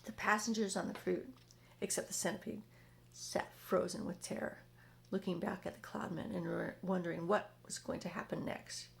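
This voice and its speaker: A woman reading a children's book aloud in an expressive, dramatic way. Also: on the low side, moderate pace, gravelly, slight background noise. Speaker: storyteller.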